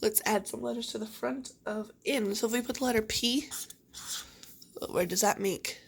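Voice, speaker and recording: Teacher lady doing a phonics lesson for little kids, kinda high voice, sounds out words slow. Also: vocal fry, slightly rough.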